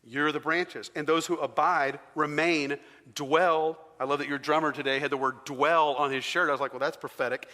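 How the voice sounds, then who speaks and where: A male preacher gives a casual, conversational sermon. His voice sits a little high and rings bright. The sound carries the long reverb of a large church hall. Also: steady tone, moderate pace. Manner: conversational, engages the congregation with questions.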